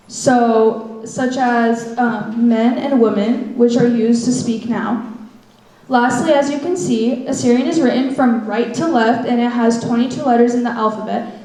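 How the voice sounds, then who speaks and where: A teenage girl with a mellow, fairly high voice reads out a prepared presentation. She moves through her points in a steady, list-like rhythm. A big hall echo surrounds her. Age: teens. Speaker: student presenter. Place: school event hall. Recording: echoey hall.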